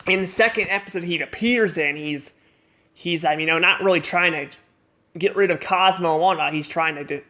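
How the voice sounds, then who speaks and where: A man casually reviewing a cartoon episode off the cuff, rambling and halting, restarting his sentences and repeating words. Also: fairly high pitch, bright, forceful tone.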